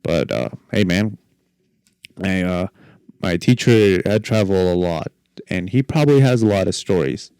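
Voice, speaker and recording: A man's voice: low-pitched, measured pace, long pauses, a little mellow, clear, resonant tone, no room sound. A young man hosting a podcast on his own, telling rambling stories with jokes and self-deprecating asides. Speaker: podcast host. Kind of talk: solo podcast chat.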